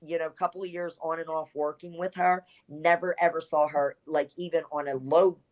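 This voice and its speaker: Low-pitched woman, former wrestler, animated and blunt storytelling, candid interview. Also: moderate pace, muffled recording. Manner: animated, blunt, with salty language and asides.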